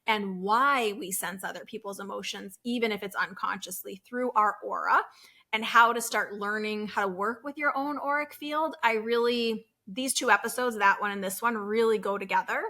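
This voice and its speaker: Woman podcast host, bright tone, earnest chatty solo talk full of "um"s. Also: medium pitch, moderate pace. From Boston area, US. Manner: chatty, earnest, many fillers and self-corrections.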